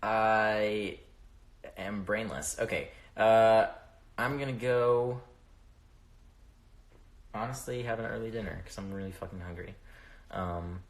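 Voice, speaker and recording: A young man with a low voice chats loosely with viewers on a phone livestream, rambling and swearing freely as he loses his thread. His voice is gravelly, and the sound is roomy and echoey. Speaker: livestream host answering viewer questions. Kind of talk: casual livestream chat. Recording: roomy echo.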